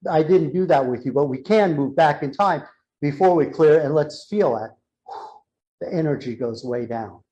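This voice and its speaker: A man presenting a live workshop talk in a church hall, telling a story in an animated way and acting out what people said. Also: fairly high pitch, normal speed. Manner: animated retelling, acting out quotes. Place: church hall, with an in-person audience.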